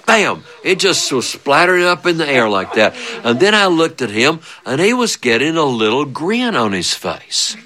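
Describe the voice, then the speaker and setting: A man telling a funny childhood story, animated and chuckling often, with big swings of voice. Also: a little high, normal speed, hardly any pauses. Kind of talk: spoken storytelling.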